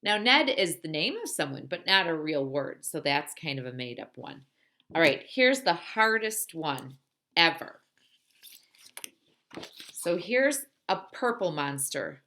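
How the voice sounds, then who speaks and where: A woman who teaches pre-kindergarten, gently and playfully leading a storytime and rhyming lesson for young children. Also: sits low, very animated, a little slow.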